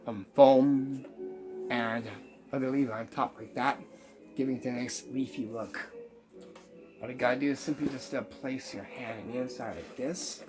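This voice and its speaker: A man explaining how a magic prank is made, step by step, pausing often with ums. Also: medium pitch. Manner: unhurried, halting with many ums, explaining step by step. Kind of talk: magic trick tutorial.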